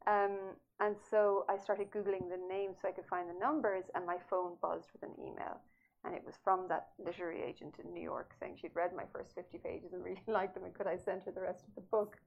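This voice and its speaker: A woman's voice: fairly low pitch, fairly even intonation, fairly quick, gravelly. A woman author as an interview guest, telling her story animatedly and laughing often. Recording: slightly dull audio with faint noise.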